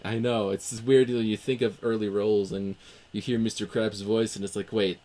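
A man with a fairly low voice talks through movie trivia in a loose, rambling way, often stopping to restart his sentences. It is relaxed podcast chat between friends. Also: fairly quick. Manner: rambling, many fillers and restarts. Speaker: podcast co-host. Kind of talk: casual film discussion.

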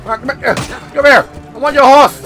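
A man giving let's play commentary over a video game, loud, joking and heavily profane. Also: very high-pitched, steady tone, a little slow, faint music behind. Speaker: gaming video host.

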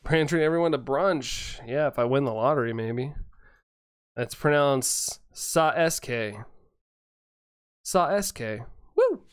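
Smooth, dry-voiced laid-back male streamer. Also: mid-range voice, very animated, a little slow, no echo. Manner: laid-back, chuckles often, greets chatters by name. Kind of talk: casual live-stream chat reading viewer messages.

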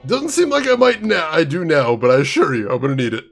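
A man's voice: a little high, huge pitch swings, fast talker, faint music behind. A man casually commenting as he plays a video game and reads chat aloud. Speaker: gaming streamer.

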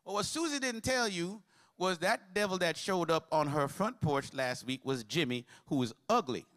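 A man's voice: fairly high pitch, lively intonation, normal speed, a bit bright. A man preaching a sermon as pastor, mixing humor with call-and-response to the congregation.

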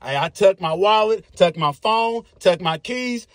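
A man, telling a story in a casual, animated, profane way, with sound effects. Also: sits high, a little slow, dry recording, clean studio sound.

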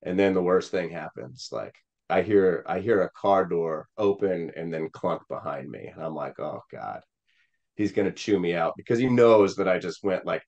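A man with a low voice and a slightly dull sound tells a heartfelt story from his childhood. He rambles, using lots of "uh" and "you know," and drops into quoted voices of people he met. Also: a little mellow. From Missouri. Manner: rambling with many fillers, quoting voices. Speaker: Senate candidate. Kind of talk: emotional personal storytelling.

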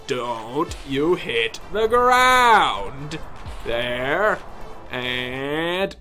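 A man commentating his own gameplay, yelling and cursing at the game in frustration, with mock-pompous outbursts. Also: a little high, very animated, slow, soft background music.

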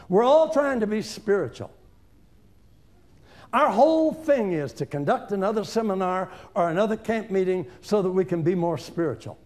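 High, lively older preaching man. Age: 70s. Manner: folksy, emphatic, conversational, talking straight to the audience. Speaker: evangelist preacher. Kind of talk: informal seminar sermon.

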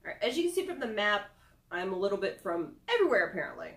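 A woman's voice: mid-range voice, very animated, fast talker, a bit bright, echoey room. A young woman chatting casually through a product review, self-deprecating with giggly asides. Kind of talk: casual screen-recorded review.

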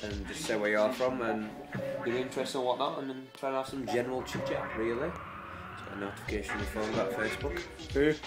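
A man's voice: medium pitch, fairly quick, echoey room, loud music behind the voice, rough recording. A man with a Yorkshire accent chatting in a rambling, self-deprecating way as a vlogger. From Yorkshire, England. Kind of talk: casual chat.

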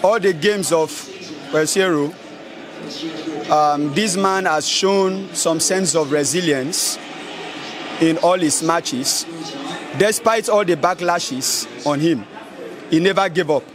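A man with a Nigerian accent giving an excited, emphatic fan reaction in a street interview, repeating his phrases. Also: on the high side, slow, long pauses, a crowd in the background. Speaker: football fan giving a post-match reaction.

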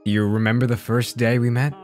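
A man reading game dialogue aloud as a dying companion saying a tearful goodbye, in a soft, low, tender voice. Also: level tone, fairly quick, soft background music, close to an everyday voice. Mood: tender sad.

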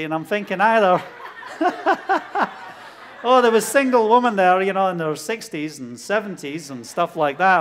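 A middle-aged man with a Glasgow Scottish accent gives a testimony sermon, telling a story with lively bursts and acting out dialogue. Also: sits high, a little hiss or hum. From Scotland. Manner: animated storytelling, laughs often, acts out dialogue. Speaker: preacher.

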